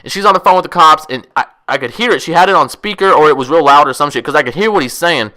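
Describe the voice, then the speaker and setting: A young man telling a wild story casually, profane, rambling and excitable. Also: on the high side, quick pace. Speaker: vlogger.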